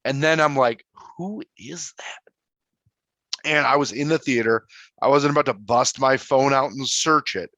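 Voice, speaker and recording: A man's voice: mid-range voice, moderate pace, pushed and bright, no room sound. A man co-hosting a podcast, talking casually about a film and acting out his own reactions. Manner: chatty, acts out his own thoughts as quotes. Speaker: podcast co-host. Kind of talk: casual movie review chat.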